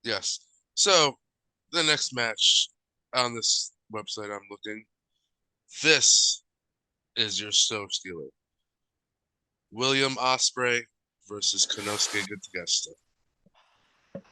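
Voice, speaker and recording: Podcast guy, blunt and sweary, super bright sharp tone, dry close mic. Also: lowish voice, slow, pauses often, no room sound, low-quality recording. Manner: blunt and swears freely, jokey. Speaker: podcast co-host. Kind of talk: casual wrestling chat.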